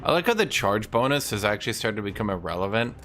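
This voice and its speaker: A man's voice: fairly low pitch, very animated, quick pace, a bit bright, faint music behind. A man hosting a gaming video, chatting casually and profanely as he thinks aloud through his moves. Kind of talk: casual gameplay commentary.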